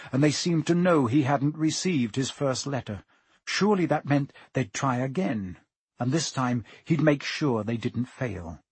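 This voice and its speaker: A man narrating a storybook aloud in a steady reading voice. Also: mid-range voice, breathy edge, no room sound. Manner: steady storytelling, voicing each character. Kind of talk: audiobook narration.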